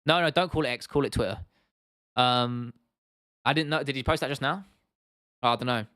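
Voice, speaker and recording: A man's voice: mid-range voice, brisk, bright, forceful tone, smooth, no room sound, studio quality. A man hosting an MMA livestream, chatting casually and answering viewer comments in a rambling, sweary way. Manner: rambling, swears freely, lots of restarts and fillers.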